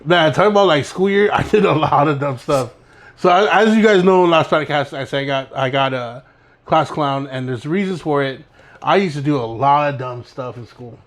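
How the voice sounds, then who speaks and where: A man's voice: on the high side, moderate pace. A young man co-hosting a podcast, telling rambling, laid-back stories and laughing as he goes. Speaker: podcast co-host. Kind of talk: casual storytelling chat.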